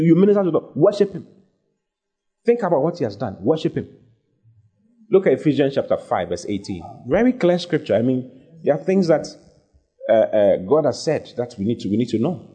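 A man's voice: mid-range voice, dark tone, slightly rough. A male preacher delivering a sermon, emphatic and repetitive, reading scripture aloud and urging his listeners on. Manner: emphatic, repeats phrases, reads scripture aloud.

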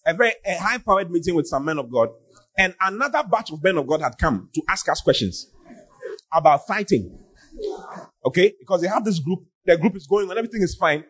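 A high-pitched man preaching on a podcast in a husky voice. His pitch swings widely as he fires off scolding rhetorical questions. He often bursts into shouts for emphasis.

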